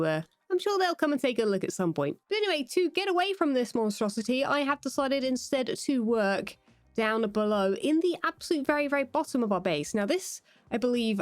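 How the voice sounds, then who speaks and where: A woman's voice: medium pitch, no room sound, studio quality. A British woman giving casual, playful gameplay commentary as a Minecraft YouTuber. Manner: chatty and playful.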